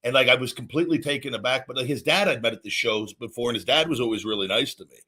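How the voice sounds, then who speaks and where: A man, a former wrestler, hosting a casual podcast and telling relaxed road stories with frequent restarts. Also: medium pitch, fast talker, husky.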